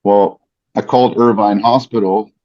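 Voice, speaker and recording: Male podcast guest, earnest storyteller, lowish mellow voice, slightly dull lo-fi recording. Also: fairly even intonation, normal speed. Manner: earnest, vivid retelling with fillers. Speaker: podcast guest, ring announcer. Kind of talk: personal storytelling.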